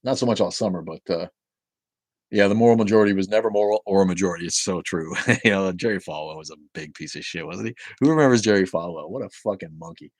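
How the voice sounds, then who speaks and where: Low, darkish, and quick, a middle-aged livestream host reads viewer chat and chats casually, rambling with profanity between comments. The recording is dry.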